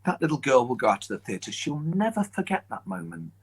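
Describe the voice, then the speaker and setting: A man chatting as a guest, telling emotional stories in an animated, lively way. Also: mid-range voice, a little fast, husky, poor audio. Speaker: guest, children's TV presenter and magician. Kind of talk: casual chat, storytelling.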